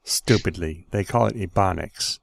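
A man's voice: low voice, normal speed, vocal fry, no room sound, clean studio sound. A man hosting a casual discussion, blunt and opinionated.

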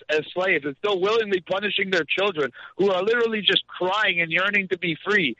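A man's voice: sits high, bright, forceful tone, no echo. A man from Canada ranting with passion as a guest on a talk radio interview, heard through dull lo-fi radio sound. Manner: impassioned, ranting.

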